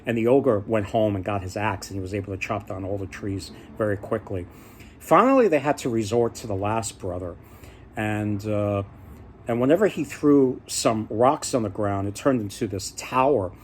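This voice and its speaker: A man's voice: on the low side, moderate pace, a little hiss or hum. A man casually retelling folk tales, rambling and often restarting his sentences. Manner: rambling, many fillers and restarts. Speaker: storyteller.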